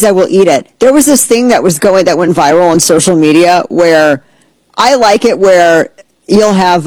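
A woman hosting a talk show, ranting in a sarcastic, animated way and slipping into mocking voices. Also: lowish voice, no echo, poor audio. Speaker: podcast host. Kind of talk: casual opinion commentary.

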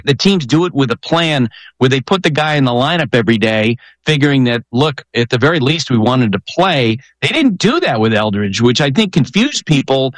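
A man's voice: medium pitch, fairly bright tone, no echo. A man hosting a sports talk show, chatting in a conversational way with fillers.

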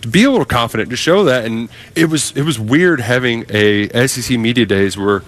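A man appearing as a sports reporter guest on a talk radio show, making bold predictions in a playful, animated way. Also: medium pitch, brisk.

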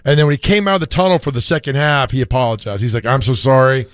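A middle-aged man hosting a casual sports radio chat, slightly hoarse from screaming, telling stories with frequent laughter. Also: mid-range voice, racing, dry recording, studio quality. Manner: animated storyteller, laughs often.

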